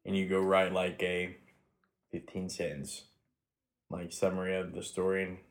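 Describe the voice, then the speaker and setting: A man's voice: low-pitched, monotone, moderate pace. A man talking casually on a podcast in a laid-back way, with dry jokes. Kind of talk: casual chat.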